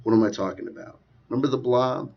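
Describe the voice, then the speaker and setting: A man's voice: medium pitch, fast talker. A man delivering a rambling, sardonic commentary with frequent asides, recorded in a dull lo-fi quality. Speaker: video commentator. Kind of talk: rambling conspiracy commentary vlog.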